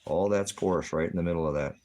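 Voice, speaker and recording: A man vlogging in casual chat, rambling and repeating himself with halting restarts. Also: low voice, fairly even intonation, a little mellow.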